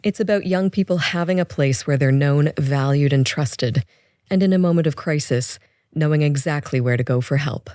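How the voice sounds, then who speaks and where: A podcast narrator reading scripted, reflective narration in a measured way. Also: medium pitch, darkish tone, clean tone, no room sound, studio quality.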